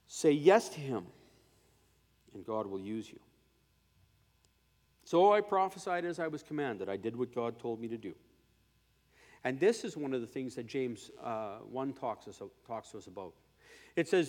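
A man's voice: a little high, lively intonation, moderate pace. Male preacher echoing in a big hall. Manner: swings between loud declarations and quiet asides; conversational, with fillers and tag questions. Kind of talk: sermon.

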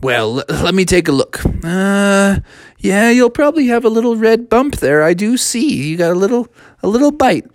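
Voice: medium pitch, very animated, normal speed, no echo, studio quality, pitched above the performer's own voice. A storyteller voicing a fussy, strict male schoolteacher who scolds in a wordy way. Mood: calmer. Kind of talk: storytelling for children.

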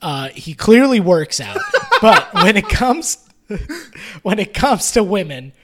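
A man co-hosting a casual movie review chat, animated, laughing often and swearing freely. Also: high voice, slow pace, crowd noise. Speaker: podcast co-host.

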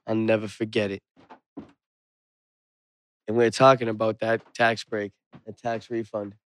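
A young man telling a rowdy story in casual chat, swearing, animated and getting loud. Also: fairly low pitch, unhurried.

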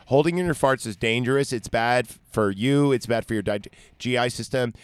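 A man's voice: medium pitch, brisk, smooth, no echo. A man bantering on a comedy podcast, arguing silly points in a mock-serious way and laughing a lot.

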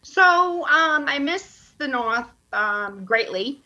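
Bright, upbeat woman guest. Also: sits high, lively intonation, slow pace, lo-fi sound. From Massachusetts. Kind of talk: casual chat.

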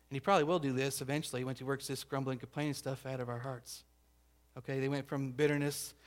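A pastor preaching a conversational sermon, checking in with the congregation and acting out the grumbling crowd. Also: male voice, mid-range voice. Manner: acts out grumbling crowd voices.

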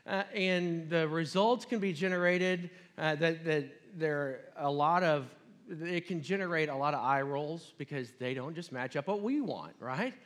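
A man's voice: on the high side, normal speed, fairly bright tone. A man preaching a sermon in a casual, storytelling way with chatty asides. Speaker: pastor.

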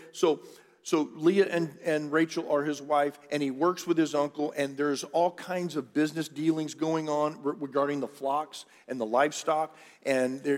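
A middle-aged pastor tells the story in a loose, conversational sermon and drops joking asides to his congregation. His voice sits a little high for a man. It rings through a big church sanctuary with a long reverb tail. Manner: chatty, jokey asides to the congregation.

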